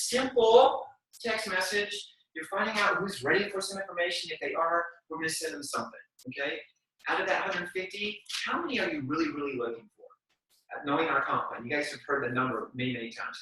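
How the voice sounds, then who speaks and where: A man in his forties giving a motivational training talk to a group, energetic and slangy, acting out quotes as he goes. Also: sits high. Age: 40s. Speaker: sales team trainer. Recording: very echoey room, mic at a distance.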